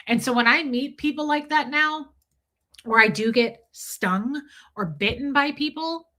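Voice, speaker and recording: A woman's voice: sits high, a little slow, sharp tone. A woman streamer talking candidly and emphatically to her viewers, swearing freely and calling them by name. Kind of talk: casual live-stream chat.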